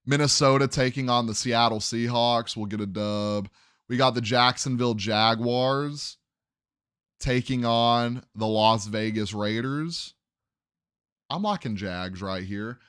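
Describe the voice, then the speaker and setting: A man's voice: medium pitch, a little slow, fairly bright tone, clear, resonant tone, no echo, studio quality. A young man hosting a sports podcast, casually running through game predictions and thinking aloud as he second-guesses his picks.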